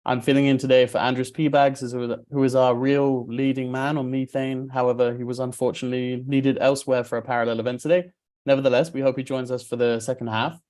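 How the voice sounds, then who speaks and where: A man's voice: mid-range voice, little pitch movement, darkish tone. Man with a muffled, sore-throat voice. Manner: measured and polite, with occasional filler hesitations. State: slightly muffled voice from tonsillitis. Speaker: event moderator. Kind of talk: formal webinar introduction.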